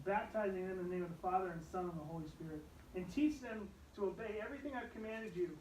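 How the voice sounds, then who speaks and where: Young male youth pastor preaching, higher voice, echoey room, mic some distance off; animated delivery with hushed asides. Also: brisk, slight background noise. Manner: animated preaching, dropping to hushed tones for stories. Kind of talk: youth sermon.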